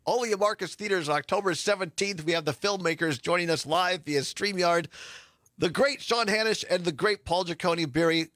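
High-pitched male host, dry close sound. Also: fairly quick, a bit bright, dry recording. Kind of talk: live show hosting.

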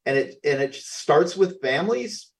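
A man's voice: on the high side, animated, vocal fry, recorded from a distance. Rambling male radio co-host off mic. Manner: rambling, halting, many fillers. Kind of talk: call-in radio talk.

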